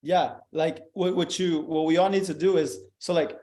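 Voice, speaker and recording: A young man with a slightly high voice hosts a casual podcast chat. He talks bluntly and swears freely, growing animated as he makes his points. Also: normal speed. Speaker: podcast host.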